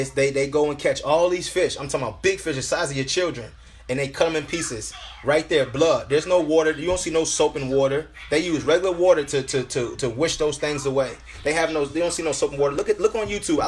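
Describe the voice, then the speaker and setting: A man preaching fervently at home, full of restarts and repeatedly calling listeners brothers and sisters. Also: medium pitch. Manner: fervent and repetitive, with many restarts. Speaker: lay preacher. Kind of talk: impassioned home sermon. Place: at home, indoors.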